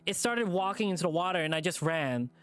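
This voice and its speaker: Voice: mid-range voice, lively intonation, clear, resonant tone, faint music behind, natural voice. A streamer reading a shaky, grieving young lynx boy. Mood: distraught. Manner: shaky, halting, breaking into sobs. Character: frightened young male lynx, haunted and grieving.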